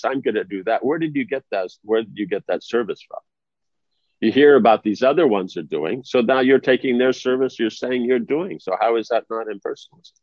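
A man's voice: lowish voice, darkish tone, dry recording. Man teaching in a conversational discourse. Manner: conversational, asks listeners if they follow. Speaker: spiritual teacher. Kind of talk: informal religious discourse. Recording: dry, slightly dull lo-fi recording.

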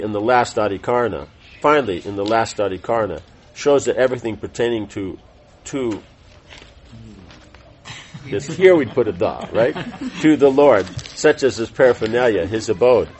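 Reading scripture aloud to his class, a middle-aged teacher goes slowly and deliberately, correcting himself here and there and adding chatty asides. His voice is lowish and a little mellow, and the audio is poor, with a slight hiss or hum.

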